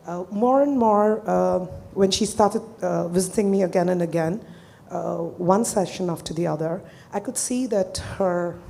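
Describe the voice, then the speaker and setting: A woman therapist presenting a client case to an audience, speaking earnestly and hesitantly, with pauses. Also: lowish voice, gravelly, dark tone, slight background noise.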